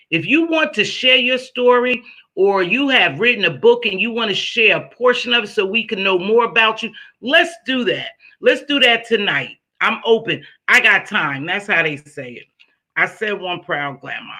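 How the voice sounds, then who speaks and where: Chatty woman livestream host, sharp-toned. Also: lowish voice. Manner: chatty, preachy, firm with rules. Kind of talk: casual livestream talk, greeting chat.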